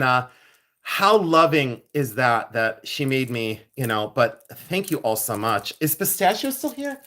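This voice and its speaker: Man, somewhat high voice, effusive, chatty, laughs a lot, casual livestream from a jewelry studio. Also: pushed and bright. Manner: effusive, chatty, laughs often, keeps thanking viewers. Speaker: silversmith livestream host. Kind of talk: casual livestream chat with viewers.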